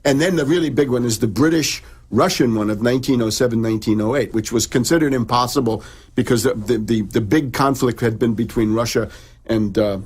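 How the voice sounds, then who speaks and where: A man's voice: medium pitch, a little fast, husky. A middle-aged man, an in-studio guest, lecturing on history in a radio interview, restarting and repeating words as he goes. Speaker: in-studio guest author and researcher.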